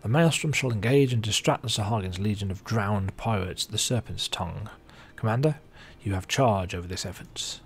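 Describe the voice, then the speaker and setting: Stern pirate admiral giving orders, read out by a man, low gravelly voice. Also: moderate pace, hardly any pauses. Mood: commanding. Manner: read-out game dialogue, clipped orders.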